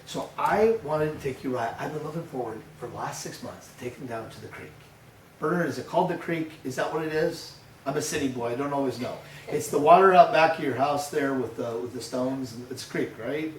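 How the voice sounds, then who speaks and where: An older man, a pastor, giving a sermon with lively storytelling, acting out his grandson's voice. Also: mid-range voice, a little fast, a little hiss or hum. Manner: storytelling, animated, acts out a toddler's voice. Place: church. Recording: echoey church room heard from a distance.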